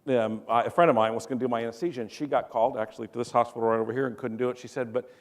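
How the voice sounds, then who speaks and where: A man's voice: medium pitch, steady tone, very fast. Joking man giving a conference talk. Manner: joking storyteller who questions the audience. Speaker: physician speaker.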